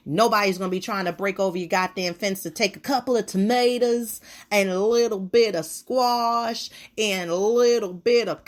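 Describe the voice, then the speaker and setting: A woman hosting a podcast in a casual monologue, ranting bluntly and swearing freely. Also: medium pitch. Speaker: podcast host.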